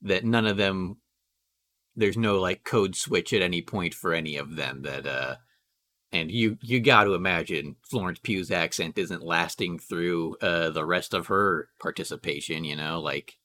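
A man co-hosting a podcast, chatting casually about a movie in a halting way, full of restarts and "uh"s. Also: deep voice, bright, forceful tone. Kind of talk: casual movie discussion chat.

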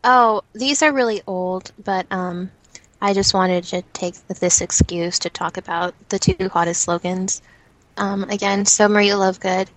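A woman's voice: medium pitch, steady tone, unhurried, no echo, low-quality recording. A woman co-hosting a podcast in casual chat, rambling with many fillers and frequent giggles. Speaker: podcast co-host.

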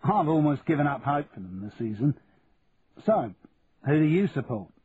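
A man's voice: a little high, very animated, moderate pace, slightly rough, voice pushed up, full character voice. A man voicing a prickly, brash police chief in his forties with a brusque manner. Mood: gruff. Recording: tinny lo-fi audio with faint hiss.

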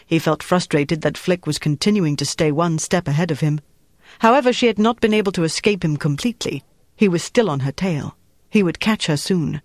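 A man narrates a wartime thriller in a steady, measured storytelling voice. His voice sits a little high for a man, and the close recording is dry, with no room sound. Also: dry recording. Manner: measured, even storytelling delivery. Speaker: audiobook narrator. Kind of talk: scripted narration.

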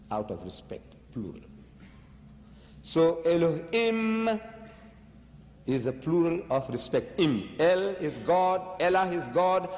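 A man's voice: on the high side, darkish tone. Emphatic man lecturing in a reverberant hall. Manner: emphatic, rhetorical questions. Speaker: religious lecturer. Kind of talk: public religious lecture.

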